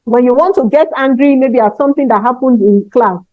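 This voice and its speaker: This is a motivational talk for teachers given by a woman with a high-pitched voice, who leans hard on every point and keeps asking "okay?" to make sure they're with her. There's no room sound; the recording comes across flat, dry, and lo-fi.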